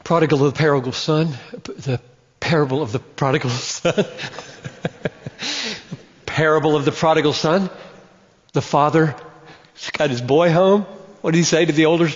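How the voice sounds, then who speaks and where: Male preacher, emphatic, repeats phrases slowly, fairly high voice, long hall reverb. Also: husky. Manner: emphatic, slows down and repeats for stress. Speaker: pastor. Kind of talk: sermon. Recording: muffled sound in a reverberant hall.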